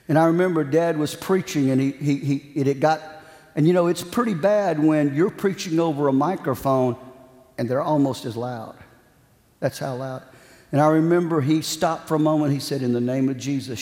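A man's voice: fairly high pitch, moderate pace, a little mellow. A man preaching a sermon, telling a story and then building into fervent, rising preaching. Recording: echoey hall with long reverb.

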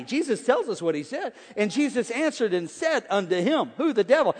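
A man in his forties preaching a sermon as pastor, energetic and folksy, jumping from shouts to hushed, joking asides. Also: very high voice, brisk, few pauses, long reverb tail. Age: 40s. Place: large church hall with congregation.

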